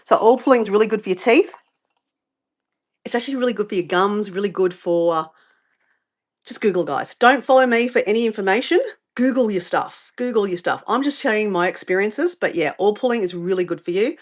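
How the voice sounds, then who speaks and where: A middle-aged Australian woman talks her way through a morning routine on a live stream. Her delivery is rambling and chatty, and she keeps drifting off topic to greet viewers and answer their comments. Her pitch sits right in the middle for a woman. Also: expressive, brisk.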